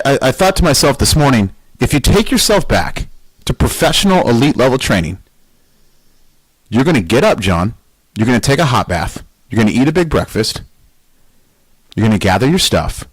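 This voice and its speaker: A man's voice: medium pitch, breathy edge, no room sound, low-quality recording. A man hosting a weightlifting podcast in a casual, motivational monologue. He is emphatic and blunt, swears, and fires off rhetorical questions.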